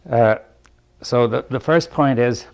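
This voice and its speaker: A man giving a reflective talk to a group, thinking aloud in halting phrases, checking in with "right?" and chuckling lightly between points. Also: medium pitch, creaky, a little mellow. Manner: thoughtful, halting, often asks "right?". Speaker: speaker leading a group dialogue.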